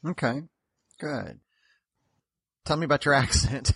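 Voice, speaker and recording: A man's voice: medium pitch, unhurried, gravelly, fairly bright tone, slightly rough. A man interviewing a guest, asking questions casually and laughing along in a friendly way.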